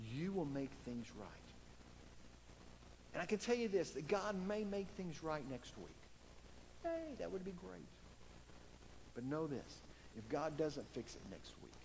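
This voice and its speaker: A man preaching a sermon as pastor, earnest and emphatic, rising for emphasis and dropping to soft asides. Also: mid-range voice, a little hiss or hum. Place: church sanctuary. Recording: distant church hall reverb.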